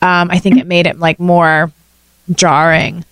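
Woman, british accent, lowish voice, dry close sound, chatty guest. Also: unhurried, clear, resonant tone, no room sound. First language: British English accent. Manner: chatty, animated storytelling with laughs. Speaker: actress guest. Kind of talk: casual podcast chat.

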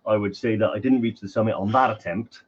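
A man's voice: on the low side, steady tone, fast, slightly rough, dull audio. A man with a slight Welsh accent co-hosting a podcast in casual, joking, self-deprecating chat. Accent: semi-Welsh. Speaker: podcast co-host.

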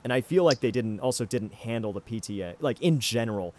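A man's voice: medium pitch, animated, a little fast, darkish tone. A man hosting a podcast, talking through his opinions casually with plenty of ums and restarts. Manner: rambling, many ums and restarts. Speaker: podcast host. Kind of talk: casual anime discussion.

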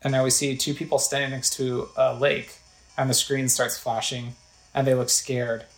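A game player talks through gameplay in a loose, rambling way, full of fillers. The pitch sits in the middle range. The voice echoes around the room with faint music underneath. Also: level tone, moderate pace. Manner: rambling, conversational, filler-heavy. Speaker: let's play narrator. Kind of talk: casual gameplay narration.

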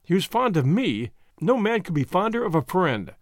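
A man's voice: high voice, big pitch swings, moderate pace, dry recording, clean studio sound, voice pushed up. A man reading a guarded, defensive witness. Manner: plain, defensive speech. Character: guarded, broad-shouldered male friend under questioning. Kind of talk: audiobook reading.

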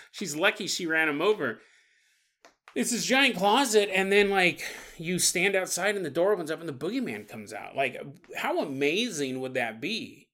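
A male podcast host riffs in a loose, comedic monologue, laughing as he goes. His pitch swoops all over, and his tone is bright and forward. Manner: animated, laughs often, acts out silly voices.

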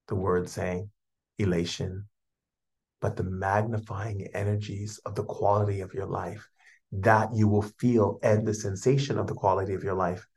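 A man's voice: lowish voice, a little mellow. A man giving a spiritual talk as a teacher, speaking in flowing, repetitive, soothing phrases.

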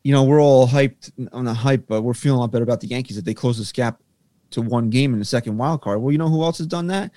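A man's voice: mid-range voice, quick pace, mellow, dry recording, clean studio sound. A man co-hosting a casual sports podcast, pressing the others with questions and playing devil's advocate. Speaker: podcast co-host.

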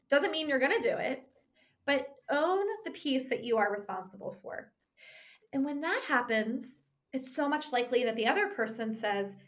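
Woman, relationship therapist, fairly high voice, chatty explainer. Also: moderate pace. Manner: conversational, animated, frequent tag "right?". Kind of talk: explanatory talk on couples communication.

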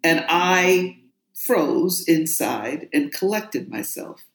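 A woman's voice: low voice, lively intonation, very slow. A woman from New York, an author and guest in an interview, telling her story in a forthright, emphatic way. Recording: roomy echo.

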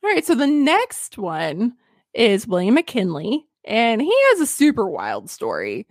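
Lively chatty woman podcaster. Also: on the high side, a little slow, dry recording, studio quality. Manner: chatty, giggly, lots of fillers. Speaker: podcast host. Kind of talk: casual history podcast storytelling.

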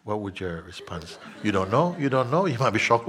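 A man guiding listeners as a spiritual teacher, soft-spoken, often dropping to a whisper and playfully acting out voices. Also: medium pitch, expressive, normal speed.

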